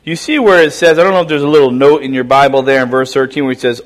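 A man preaching a sermon, impassioned and shifting from hushed reflection to emphatic appeal. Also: medium pitch, steady tone, fast, few pauses. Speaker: pastor.

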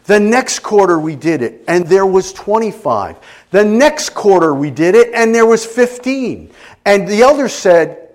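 A middle-aged male pastor delivering an emotional sermon, with a slightly raised pitch. His voice swings widely in a lively way, and he sometimes drops to a quiet, intense hush. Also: measured pace. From Italian family background.

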